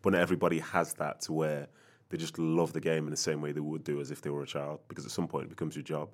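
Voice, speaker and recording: A man's voice: extremely low pitch, flat delivery, fast talker. A man, a former footballer, chatting on a podcast and explaining his views at length, often repeating words as he thinks. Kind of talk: casual podcast chat.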